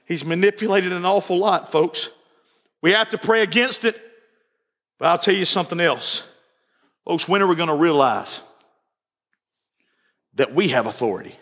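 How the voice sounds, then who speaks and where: A man's voice: high-pitched, moderate pace, long pauses, a bit bright, in a large hall. A man preaching a sermon as pastor, exhorting his congregation and retelling stories in voiced quotes.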